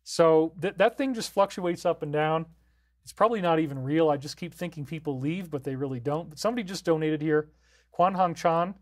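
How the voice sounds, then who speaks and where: A man's voice: fairly high pitch, a little fast, a little mellow. A man hosting a live stream, reading viewer comments aloud and answering them in an easygoing, off-the-cuff way.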